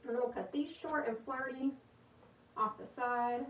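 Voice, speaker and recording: A bubbly young woman with a drawl chats her way through a craft livestream, rambling to her viewers. Her voice sits a touch high, and it comes from a little away from the mic in a roomy space with a faint hiss underneath. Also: unhurried, a bit bright, far from the mic, highs cut off. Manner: chatty, bubbly, rambling, laughs often. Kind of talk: casual livestream chat while crafting.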